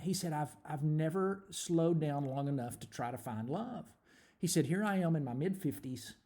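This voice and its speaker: A man in his forties earnestly telling a personal story, animated, with frequent repeated starts. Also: fairly high pitch. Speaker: ministry speaker.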